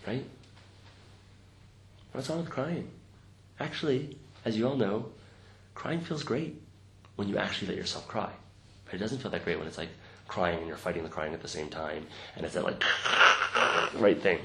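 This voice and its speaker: In a roomy recording with faint background noise, a deep-voiced man teaches meditation to a group at a normal speed, pausing often. He's reflective and conversational, frequently ending sentences with "right?"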